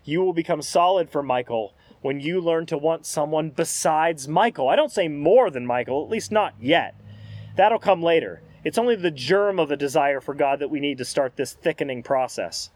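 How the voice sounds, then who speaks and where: A man reading aloud as the calm spirit of a redeemed man, patient and earnest. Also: fairly high pitch, moderate pace, no echo. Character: calm redeemed man's spirit, gently correcting. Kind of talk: read-aloud scene in a sermon.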